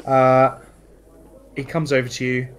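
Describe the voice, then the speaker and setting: A man narrating a tabletop game as dungeon master, relaxed and descriptive with small fillers. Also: medium pitch, a little slow, crowd noise, poor audio.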